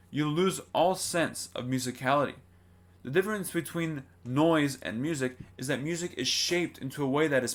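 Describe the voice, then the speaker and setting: This man's voice sits on the high side and sounds a bit bright. As a singing teacher leading a lesson to camera, he explains plainly and regularly checks in through rhetorical questions.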